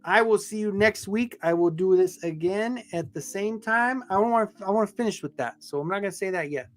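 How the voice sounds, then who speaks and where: A man's voice: high-pitched, fairly quick, soft background music. A middle-aged man from Southern Colorado with a Southern Colorado accent, rambling and swearing cheerfully as he hosts a casual live stream. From Southern Colorado, USA. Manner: rambling, chatty, profane, upbeat. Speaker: livestream host.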